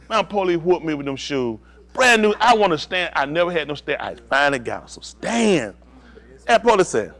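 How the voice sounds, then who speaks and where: Middle-aged male pastor, lively storyteller with a somewhat high voice, does the voices of the people in his story, laughs a lot. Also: brisk. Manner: animated storyteller, acts out voices, laughs often. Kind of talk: storytelling sermon.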